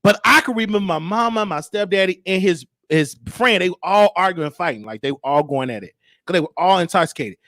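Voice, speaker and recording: High-pitched animated man telling stories. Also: fairly quick, no room sound, studio quality. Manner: animated, acts out quotes, frequent laughter. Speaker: host. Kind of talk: storytelling monologue.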